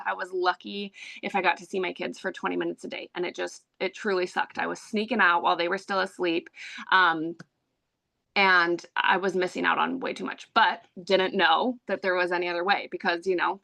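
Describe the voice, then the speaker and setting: A woman in her thirties shares her own story with a live audience in a candid, conversational way, full of "um" and "like". Her voice is bright and forward, with a gravelly rasp at the ends of phrases. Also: medium pitch. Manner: candid, chatty, heavy with "um" and "like". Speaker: online business presenter. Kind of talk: personal story pitch to an audience.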